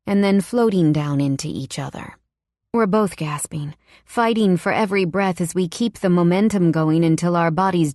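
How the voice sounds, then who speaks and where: A woman with a low voice reads a romance audiobook in the first person. Her delivery is intimate and hushed, recorded dry and close in a studio booth. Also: no echo. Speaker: audiobook narrator.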